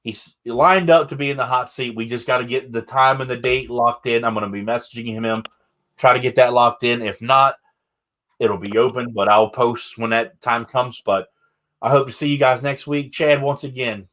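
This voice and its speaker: A man's voice: mid-range voice, fairly even intonation, normal speed, a bit bright. A man hosting a casual interview podcast, talking candidly and rambling with enthusiasm. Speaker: podcast host.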